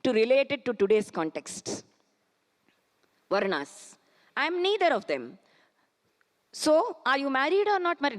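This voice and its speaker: A woman with an Indian English accent giving a spiritual talk, firing off rhetorical questions and chanting Sanskrit verses slowly. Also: sits high, sing-song. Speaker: spiritual speaker. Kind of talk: spiritual discourse with storytelling. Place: large auditorium. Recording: auditorium reverb.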